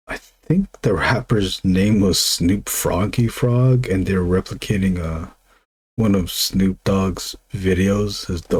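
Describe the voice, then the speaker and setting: A man's voice: low voice, a little mellow, breathy edge. A man, an illustrator, chatting casually and meandering while he draws on a stream. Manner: meandering, lots of fillers and restarts. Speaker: illustrator streaming his drawing. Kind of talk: casual rambling chat.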